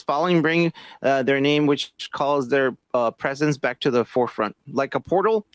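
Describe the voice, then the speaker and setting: Podcast cohost guy, halting and rambly, dry close sound. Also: mid-range voice, no room sound. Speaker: podcast co-host. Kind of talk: casual podcast banter.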